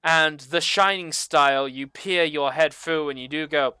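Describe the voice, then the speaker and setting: Bright, clean-voiced game master. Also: mid-range voice, unhurried, smooth, no echo. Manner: loose, filler-heavy description. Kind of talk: narrating a tabletop game.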